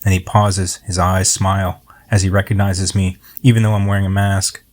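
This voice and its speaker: A middle-aged man reading his own poem aloud, reflective and unhurried as he tells a story. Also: sits low, flat delivery. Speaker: poet.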